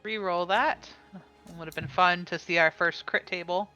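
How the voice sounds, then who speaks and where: A woman's voice: fairly low pitch, fairly even intonation, moderate pace, bright, forceful tone, dull audio, soft background music. A woman running a tabletop game as game master, calling rolls and describing attacks with small laughs. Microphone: streaming mic.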